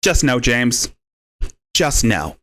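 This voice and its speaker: Profane, taunting man with a swinging pitch. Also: very animated, takes it slowly, fairly bright tone. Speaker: stream host. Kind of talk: mocking live stream rant.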